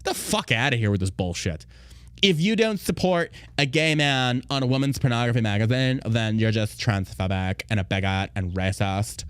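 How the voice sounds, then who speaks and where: A man's voice: medium pitch, moderate pace, a bit bright, clear, resonant tone, dry recording, clean studio sound. A man hosting a casual political podcast, ranting with profanity and sarcasm, mocking others in put-on quoting voices. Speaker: podcast host.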